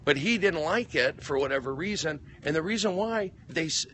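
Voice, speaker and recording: A man's voice: on the high side, expressive, moderate pace, noisy background. A man, a comedian, telling a story on a casual phone livestream, rambling and restarting his sentences, and getting worked up. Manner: rambling, repeats himself, restarts phrases; gets worked up and loud.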